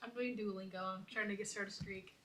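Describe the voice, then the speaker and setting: A woman's voice: mid-range voice, fairly even intonation, brisk, a bit bright, a little hiss or hum. A young woman hosting a casual chat, rambling animatedly and saying "like" constantly. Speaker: host.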